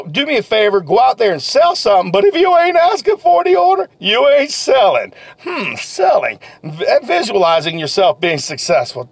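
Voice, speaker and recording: A man giving an energetic, folksy motivational talk as a sales coach, repeating his key phrases. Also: high-pitched, no echo.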